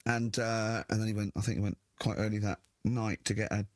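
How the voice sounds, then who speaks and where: A man hosting a casual radio chat, telling anecdotes in an animated way and laughing easily. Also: on the low side, no room sound, studio quality. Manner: animated storyteller, quick to laugh. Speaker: radio host. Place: radio studio.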